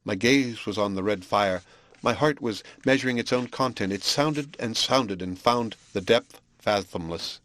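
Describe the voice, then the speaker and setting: Low, dry-voiced male audiobook narrator. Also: dry recording. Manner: measured, even, literary delivery. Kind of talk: scripted narration.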